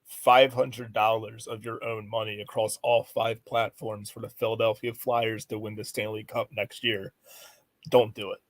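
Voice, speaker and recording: A man's voice: fairly low pitch, flat delivery, normal speed. A man co-hosting a casual livestream, teasing and laid-back. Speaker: podcast co-host.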